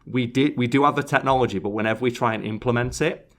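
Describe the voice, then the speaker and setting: A man's voice: medium pitch, fast. A man hosting a casual podcast chat, sarcastically reading out survey answers. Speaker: podcast host.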